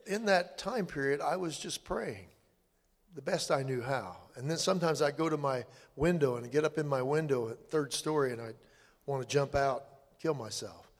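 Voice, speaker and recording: An older man telling his personal testimony in a halting, earnest way, with many restarts. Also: on the high side. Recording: long hall reverb.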